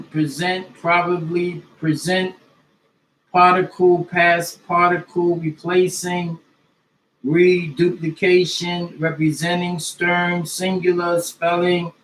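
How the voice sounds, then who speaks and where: Male reader, slightly high voice, flat delivery, recorded in an echoey room. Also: a little hiss or hum. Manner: slow, deliberate list reading. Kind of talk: reading a list of dictionary terms aloud.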